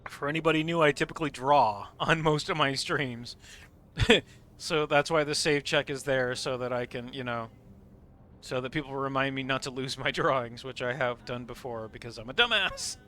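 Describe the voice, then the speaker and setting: A man's voice: medium pitch, normal speed, bright, forceful tone, slight background noise. A man chatting casually on his live game stream, laughing often and swearing freely.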